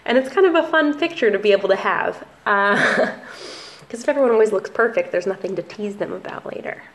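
A woman's voice: mid-range voice, a little fast. Chatty young woman photographer. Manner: chatty, relaxed, frequent ums and likes. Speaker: family photographer. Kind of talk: casual talking-head vlog.

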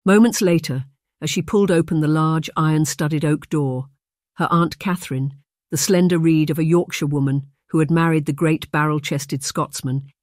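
Even, steady audiobook narrator for a romance; mid pitch, dead dry sound. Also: no room sound. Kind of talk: scripted narration.

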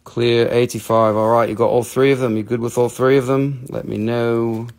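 A man's voice: mid-range voice, flat delivery, normal speed, a little mellow. A man with a Southern US accent from North Carolina, hosting a live online crystal sales stream with joking, rambling salesman banter. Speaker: host selling crystals.

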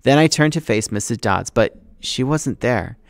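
A man's voice: medium pitch, animated, normal speed, creaky, no room sound. A man teacher reading a novel aloud to his class, acting out the dialogue with expression.

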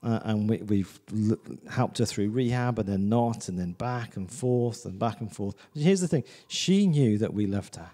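A man's voice: on the low side, expressive, moderate pace, hardly any pauses, dark tone, big-room sound. A man preaching a sermon in a church, in a chatty, conversational way, often asking "do you know what I mean". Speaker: visiting preacher.

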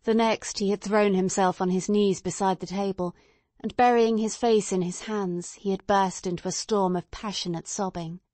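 A woman narrating an audiobook in a soft, measured storytelling manner. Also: mid-range voice, fairly even intonation, no room sound. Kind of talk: scripted narration.

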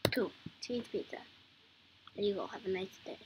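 A woman live-streaming a game, chatting excitably and swinging between sudden shouts and whispers. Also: mid-range voice, moderate pace, noisy background. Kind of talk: live-stream gameplay chat.

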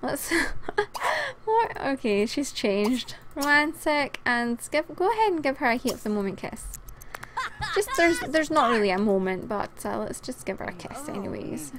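A woman's voice: high voice, sing-song, a little slow, a bit bright, a little hiss or hum. A woman hosting a casual let's play, chatting and giggling as she talks to the game characters, sounding tired. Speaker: gaming channel host.

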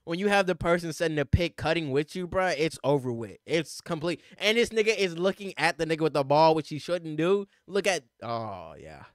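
A young man streaming live, reacting to basketball highlights with loud outbursts and slang, talking at the players on screen. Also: very animated, a little fast, hardly any pauses, no room sound, clean studio sound. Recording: faint music behind the voice.

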